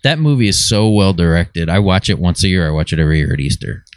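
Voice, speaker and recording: A man's voice: deep voice, animated, fast talker, clean tone, no room sound. A man in his forties, co-hosting a podcast, chatting enthusiastically about films. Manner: enthusiastic, rambling with restarts. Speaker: podcast co-host. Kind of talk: casual chat about films.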